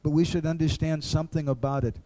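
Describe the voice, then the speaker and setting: A man's voice: fairly high pitch, steady tone, fast, dark tone. A man giving an earnest devotional lecture, acting out little dialogues.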